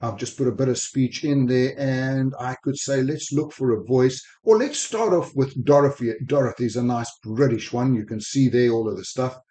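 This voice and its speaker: Recording his screen with a desk microphone, a male sales technology speaker gives a software walkthrough in a mid-range, mellow voice. His accent blends South African, Spanish and American, and he talks quickly and enthusiastically, with an eager tutorial style.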